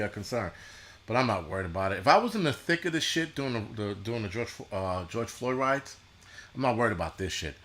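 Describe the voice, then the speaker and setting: A man hosting a casual livestream, ranting bluntly and profanely with mocking asides and halting restarts. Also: medium pitch, fairly bright tone, slight background noise. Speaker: show host.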